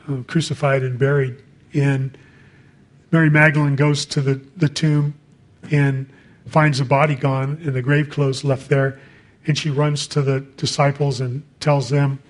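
A man preaching a sermon in a conversational way, reading scripture and adding casual asides. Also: on the high side.

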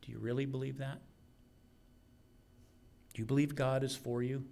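A man's voice: medium pitch, flat delivery, normal speed, vocal fry, warm tone. A man preaching a sermon, earnest and emphatic, repeating key phrases for weight.

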